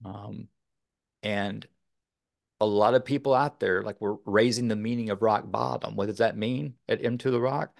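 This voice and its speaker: A man's voice: fairly low pitch, fairly even intonation, normal speed, gravelly, dry recording, clean studio sound. A man from Texas, a podcast guest, talking earnestly in a rambling way with many fillers. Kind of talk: casual interview talk.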